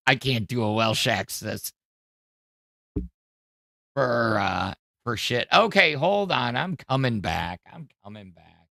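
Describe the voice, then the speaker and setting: Slow gravelly-voiced male podcast host. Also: medium pitch, lively intonation, bright, forceful tone, no echo. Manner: rambling, hesitant, many fillers. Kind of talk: casual commentary.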